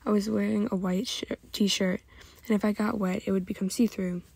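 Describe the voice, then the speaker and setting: A woman's voice: mid-range voice, flat delivery, moderate pace, creaky, darkish tone, husky, no room sound. A woman reading fan fiction aloud in a plain, unpolished way with occasional slips. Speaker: reader.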